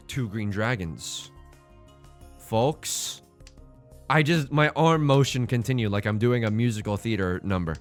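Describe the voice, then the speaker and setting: A man's voice: fairly low pitch, a little slow, soft background music. A man hosting a game let's play, commenting with jokes and swinging between mock despair and hype.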